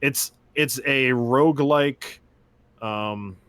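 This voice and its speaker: A man co-hosting a gaming podcast, describing games in a measured way with hesitant fillers. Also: mid-range voice, fairly bright tone. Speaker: podcast co-host. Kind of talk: casual gaming chat.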